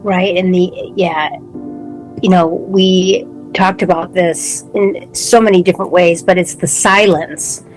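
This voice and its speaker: Woman podcast co-host, lowish voice, reflective, pauses to find words, faint music behind. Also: steady tone, poor audio. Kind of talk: casual spiritual conversation.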